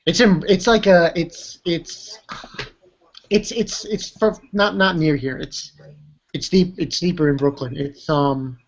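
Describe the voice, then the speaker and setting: A woman's voice: fairly low pitch, slow pace, muffled recording, a little hiss or hum. A woman from New York chatting casually in a group call, hesitant and restarting her sentences. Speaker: hangout participant.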